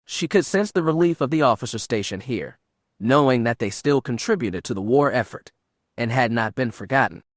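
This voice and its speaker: A man narrating an unabridged science-fiction audiobook in a steady, measured way. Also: medium pitch, no room sound, studio quality. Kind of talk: scripted narration.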